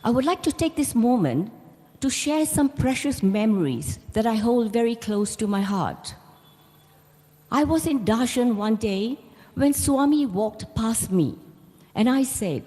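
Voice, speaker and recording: A woman's voice: fairly high pitch, animated, a little slow, warm tone. A middle-aged woman giving a devotional talk, telling her personal story in an earnest, storytelling way. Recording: long reverb of a large hall.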